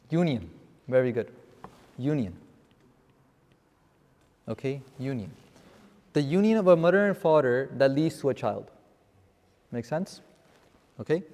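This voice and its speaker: A man's voice: on the high side, darkish tone. A man teaching a seminar on scripture vocabulary to a live class, explaining terms and often checking with "okay?". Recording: long reverb in a hall.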